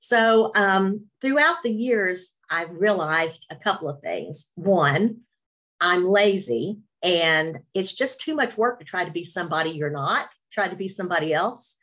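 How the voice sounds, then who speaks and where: A middle-aged woman speaks with a distinct Appalachian Southern accent, her voice sitting a touch low for a woman. She tells her story in a relaxed, self-mocking way and often turns to her faith. It sounds like a webinar call. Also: unhurried. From Virginia, USA. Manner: warm storytelling, faith-filled, self-deprecating humor. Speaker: radio host, webinar speaker. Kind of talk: personal testimony talk. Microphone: webinar video call.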